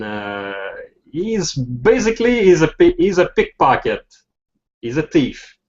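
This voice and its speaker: A man runs a tabletop game at an unhurried, deliberate pace. He speaks haltingly and often breaks into small laughs mid-phrase. The recording is dull and lo-fi. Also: a little high, a little mellow. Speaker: game master.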